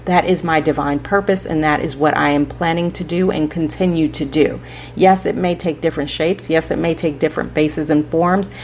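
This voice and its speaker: A woman's voice: low-pitched, steady tone, moderate pace, darkish tone, a little hiss or hum. A woman hosting a spiritual podcast, giving rambling, preachy advice straight to her listeners and often checking in with "right?". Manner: rambling, preachy, direct address with frequent "right?". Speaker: podcast host.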